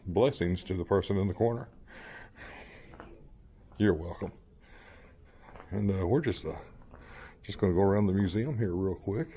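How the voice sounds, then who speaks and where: A man's voice: deep voice, moderate pace, long pauses, dark tone. A man in his fifties giving a playful, joking walkthrough of a museum as a vlogger, talking casually as he goes. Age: 50s. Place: indoor museum hall.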